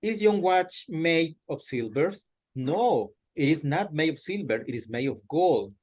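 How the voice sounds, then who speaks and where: Guy teaching english on a video call, slow and patient, kinda high voice. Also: lively intonation, a little mellow. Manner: slow, patient, corrects and prompts the student word by word. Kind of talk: online English lesson.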